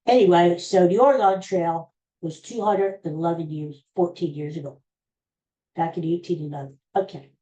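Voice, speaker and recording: Low, mellow-voiced woman podcast host. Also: normal speed, dull audio. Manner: rambling, exclaiming, talks to herself. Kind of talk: casual chat.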